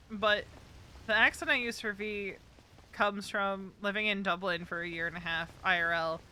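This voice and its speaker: A woman's voice: medium pitch, sharp tone, clean tone. A woman from New Jersey streaming a game, chatting casually and rambling with frequent ums. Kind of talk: casual gaming chat. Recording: game sounds and vehicle noise behind. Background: game ambience and vehicle sounds.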